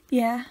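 A young woman with a Northern Irish accent, co-hosting a casual podcast chat with playful deadpan jokes. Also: no echo. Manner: playful, deadpan jokes, reads aloud haltingly. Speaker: podcast co-host.

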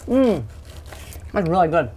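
A woman with a notably low voice talks through a recipe in a kitchen. She rambles and laughs easily, with a little faint noise behind her. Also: sing-song, unhurried, dark tone. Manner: chatty, rambling, laughs often. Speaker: cooking show host. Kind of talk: casual cooking demonstration.

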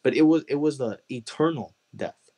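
A man's voice: mid-range voice, normal speed, mellow, slightly rough. A man from Chicago, a guest telling an emotional personal testimony in an earnest way and repeating phrases for emphasis. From Chicago, USA.

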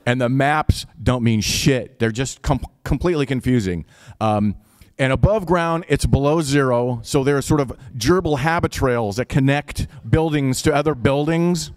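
A man's voice: mid-range voice, moderate pace, dry recording, studio quality. A man with an Upper Midwest accent telling a personal story live, in a casual, wry, profane way.

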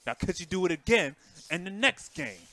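A man giving live, casual commentary on a fighting game tournament, excitable and chatty, jumping between loud outbursts and low mutters. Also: brisk.

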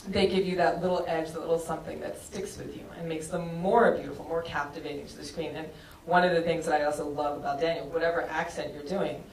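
Speaking with vocal fry in a low-pitched voice, a woman filmmaker chats casually on a panel, laughing a lot and using plenty of fillers. It's a screening event in an auditorium, captured from a distance in an echoey hall with faint background noise.

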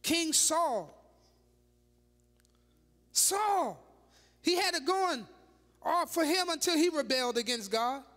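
The long reverb of a big church hall surrounds a woman bishop preaching in a high voice, slowly and with frequent pauses. Her sermon is dramatic and animated, full of rhetorical questions for the congregation and laughing asides.

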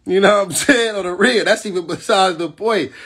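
Husky-voiced man on a heated rant. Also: high voice, brisk, fairly bright tone. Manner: aggressive, profane, defiant; keeps asking "you know what I'm saying". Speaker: battle rapper.

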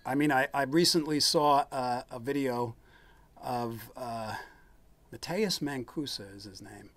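A man's voice: mid-range voice, a little slow. A man hosting his own live stream, casually explaining guitar technique in a rambling way full of fillers and restarts, demonstrating as he talks. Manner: rambling, relaxed, lots of fillers and restarts, chuckles. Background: guitar playing.

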